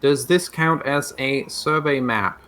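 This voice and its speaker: A man's voice: mid-range voice, slow, bright, forceful tone. A man playing in a tabletop game, laid-back and blunt as he banters. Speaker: player.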